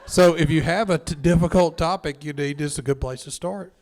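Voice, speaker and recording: A man speaking on a business panel, an excitable storyteller who jokes as he talks about ideas and communication with his wife. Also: on the high side, brisk. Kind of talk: casual panel talk.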